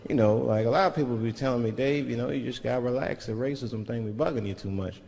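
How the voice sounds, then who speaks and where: A man performing a stand-up comedy set, telling stories and shouting out the voices of other people. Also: mid-range voice, fast, creaky. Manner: animated storytelling, shouting impressions of others. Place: large live venue with audience. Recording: reverberant live hall recording with crowd laughter. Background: audience laughter.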